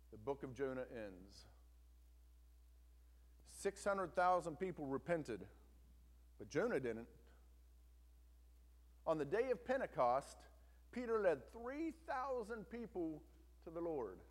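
Male pastor, emphatic storytelling sermon, fairly high voice, long hall reverb. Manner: storytelling, emphatic, asks the congregation to listen.

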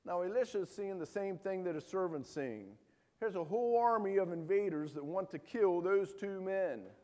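A man's voice: sits high, expressive, normal speed, dark tone. Earnest preacher man in a reverberant hall. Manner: earnest preaching with rhetorical questions. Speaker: pastor. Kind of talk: sermon.

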